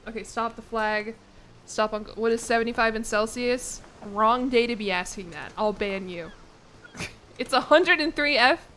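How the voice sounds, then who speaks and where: A woman's voice: on the high side, moderate pace, fairly bright tone, slight background noise. A young woman streamer chatting casually with her chat from her apartment, laughing often and swearing casually. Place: home apartment.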